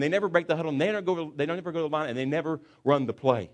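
A man preaching a sermon as pastor, telling a story with animated, acted-out asides. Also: on the high side, racing, few pauses. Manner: animated storytelling, acts out football players.

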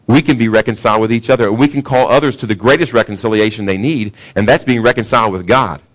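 A low-voiced man preaches from the church sanctuary, keeping his sermon easygoing and chatty. As pastor, he frequently puts questions to the people listening.

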